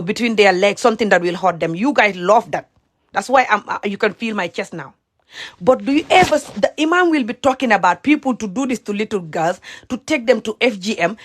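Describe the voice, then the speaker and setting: A woman in an impassioned vlog rant, emphatic and repetitive, switching between English and Mandinka. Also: mid-range voice. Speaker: social media commentator.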